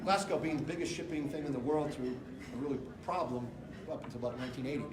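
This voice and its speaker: A man's voice: mid-range voice, fast talker. A middle-aged American man giving an off-the-cuff campaign speech to a room full of people, rambling and emphatic as he jumps between anecdotes and figures. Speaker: political candidate. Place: indoor room with an audience. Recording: echoey room.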